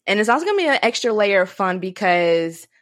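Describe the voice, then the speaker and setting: A woman's voice: mid-range voice, big pitch swings, fairly quick, no echo. Chatty woman podcast host, dry sound. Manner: laughs often, loose and chatty. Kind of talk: casual chat.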